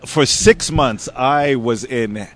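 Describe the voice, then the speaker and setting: A man's voice: mid-range voice, takes it slowly. A man, a comic book artist, telling stories in a casual interview, acting out quotes and laughing often. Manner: animated anecdotes, acts out quotes, laughs often.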